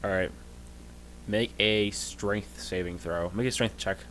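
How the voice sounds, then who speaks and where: A man narrating as game master in a casual, halting way, full of fillers. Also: on the low side, steady tone, background noise.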